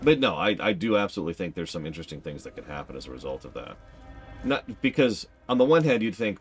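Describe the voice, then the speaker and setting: A man's voice: low voice, sing-song, fast talker. A man streaming a game, chatting and musing analytically as he plays. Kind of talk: casual commentary while playing.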